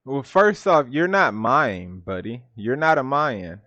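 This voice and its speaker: A man talks through a reaction video in loose, casual commentary, laughing often and sounding openly incredulous. His voice sits at a middle pitch. The recording is dull and lo-fi, with a very dry, close sound. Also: very animated, slow, sharp tone, dry recording.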